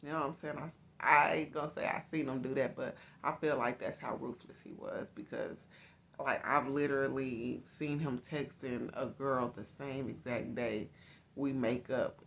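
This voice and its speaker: A woman's voice: rumbling low, steady tone, normal speed, vocal fry, a little hiss or hum. A woman host telling her own life story to her viewers in a candid, confiding, casual way.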